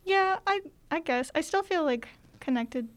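A teenage girl, a high school drum major, answering interview questions in an upbeat way with many "like"s and "kinda"s. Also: expressive, measured pace, soft background music. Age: teens. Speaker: student drum major guest.

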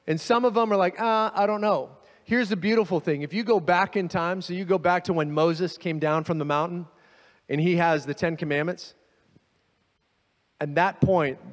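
A man preaching a sermon as pastor, telling the story with animated energy and acting out the voices of the people in it. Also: medium pitch, in a large hall.

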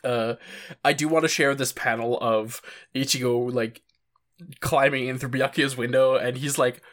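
A man's voice: medium pitch, fairly even intonation, moderate pace, a bit bright. A man in casual podcast chat, recapping an anime episode, laughing often and acting out the characters' quoted lines.

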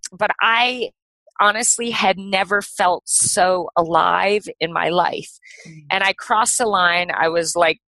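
A middle-aged woman, a podcast guest, telling a personal story in a casual, animated way with lots of "like" and "you know". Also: fairly low pitch, slow, no room sound, low-quality recording.

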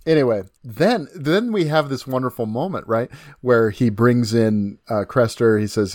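A man co-hosting a casual film discussion, talking quickly and rambling with many restarts. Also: mid-range voice, expressive, dry recording, clean studio sound. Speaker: podcast co-host.

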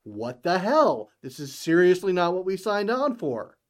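A man's voice: sits high, big pitch swings, unhurried. A man voicing a fed-up stranded worker who curses and complains indignantly.

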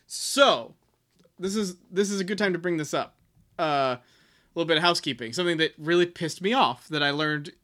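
Another podcast co-host, a man, talks a little fast in a pushed, bright voice on the high side. His casual chatter is rambling and sarcastic, full of mock drama and frequent swearing.

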